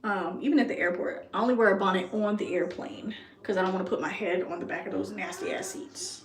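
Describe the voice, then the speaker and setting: A woman's voice: medium pitch, fairly even intonation, fast talker, slight background noise. A young woman chatting casually on her vlog, laughing often and trailing off with ums while she talks aside to her toddler. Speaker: beauty vlogger and mother.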